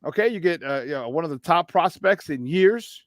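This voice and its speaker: A man co-hosting a sports talk show, telling a story in a lively, rambling way with many restarts and acted-out quotes. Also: a little high, moderate pace, no echo, clean studio sound. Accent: Chicago.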